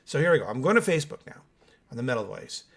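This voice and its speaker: Male podcast host, casual and opinionated, talks straight to the audience, ordinary mid pitch. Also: very animated, fast, creaky, a bit bright. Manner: opinionated, chatty, addresses viewers directly. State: still waking up with coffee. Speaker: host of a metal music channel. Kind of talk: casual solo podcast reacting and reading comments.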